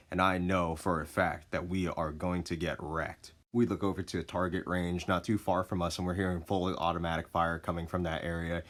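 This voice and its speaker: Low-voiced man telling a story. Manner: profane, laid-back, expressive. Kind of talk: casual storytelling vlog.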